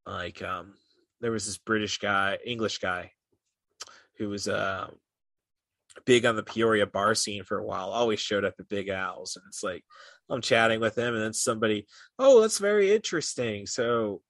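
A fairly low-pitched young man, chatting casually as a podcast co-host. His voice is bright and forceful, and he rambles along with plenty of "like" and "uh." The sound is dry and close, with no room around it. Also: steady tone, moderate pace, creaky, no echo. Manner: rambling, heavy on "like" and "uh" fillers. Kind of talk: casual chat.

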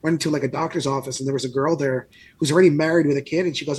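A man in his thirties co-hosting a podcast, chatting casually and telling animated stories with frequent laughs. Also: fairly high pitch, very fast, breathy edge. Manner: animated storyteller, laughs often. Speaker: podcast co-host. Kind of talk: casual chat.

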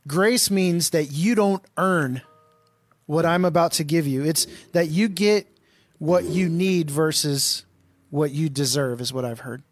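A man's voice: on the high side, a little slow, soft background music. A man co-hosting a casual Christian talk stream, reading scripture aloud and pressing his partner with questions. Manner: probing, pushes questions, reads verses aloud.

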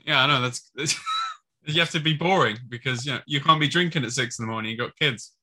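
A man's voice: medium pitch, fast talker, bright, forceful tone. A man guesting on a gaming podcast, joking and spinning silly tall tales. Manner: joking, storytelling, laughs often. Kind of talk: casual podcast chat.

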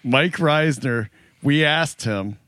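Brief: male podcast co-host, slightly high, bright voice, dry close mic, teasing questioner. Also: takes it slowly, no room sound. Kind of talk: casual chat.

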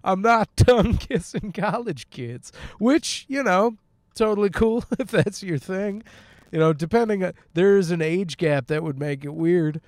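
A man talks to his listeners from his car while sick with a sore throat. His voice is smooth and clear and sits a bit high, recorded close and dry. He jokes, swears and laughs easily as he rambles. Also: lively intonation, a little slow, a little mellow, dry recording. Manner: joking, profane, laughs often. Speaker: podcast host. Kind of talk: casual rambling monologue while driving. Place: car, on the road.

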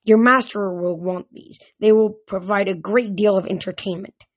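A reader voicing a menacing female monster disguised as a cheerleader, taunting and drawn-out in an amateur audiobook reading. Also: medium pitch, fairly even intonation, dry recording, dull audio, natural voice.

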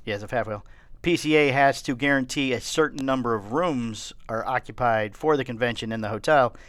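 A man's voice: mid-range voice, a little fast, a bit bright. A man co-hosting a podcast, chatting casually and reading out news items with plenty of fillers and restarts. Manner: rambling, reads news items aloud with fillers. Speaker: podcast co-host. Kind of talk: casual chat.

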